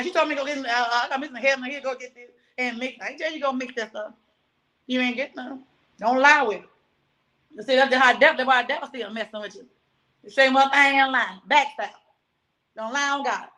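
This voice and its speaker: High, bright-voiced woman rambling. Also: rough recording. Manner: rambling, preachy, jumping between topics; grows loud and agitated telling her story. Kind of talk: rambling monologue.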